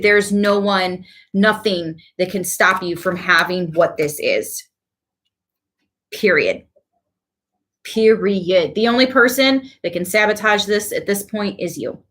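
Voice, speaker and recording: A woman giving a casual tarot reading to her viewers, chatty and quick to laugh, with animated asides. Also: lowish voice. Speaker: tarot reader.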